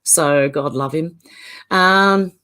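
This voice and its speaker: A woman's voice: sits low, extremely slow, sharp tone, clean tone. Chatty Australian woman with a smoker's cough. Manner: chatty, laughs often, greets viewers by name. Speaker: channel host. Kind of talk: casual livestream chat. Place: indoors at home, beside a filing cabinet.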